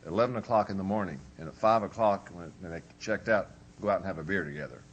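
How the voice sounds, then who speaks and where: A preacher with a low-pitched voice talks fast as he leads a humorous, conversational marriage workshop, playing both husband and wife as he goes. It's a folksy workshop lecture, recorded with the highs cut off and slight background noise.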